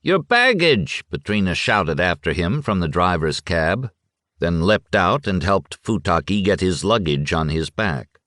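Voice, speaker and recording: A man narrating an audiobook in a measured, sombre storytelling manner. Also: low voice, a bit bright, dry recording, clean studio sound. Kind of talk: scripted literary narration.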